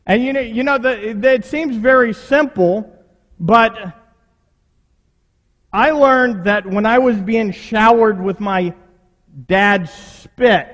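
High-voiced man preaching in a reverberant hall. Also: a bit bright. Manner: conversational preaching with rhetorical questions. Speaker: pastor. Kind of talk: sermon.

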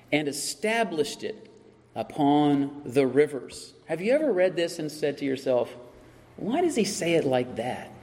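Male pastor, higher-pitched, emphatic sermon delivery, recorded with long church reverb. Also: darkish tone. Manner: preaching with rising emphasis and repeated phrases.

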